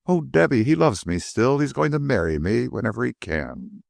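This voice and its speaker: A man voicing a gentle young woman who is tearful and overjoyed, in an audiobook. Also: mid-range voice, sing-song, normal speed, vocal fry, dry recording, studio quality, voice pushed up. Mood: tearful joy. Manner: emotional, breathless with joy.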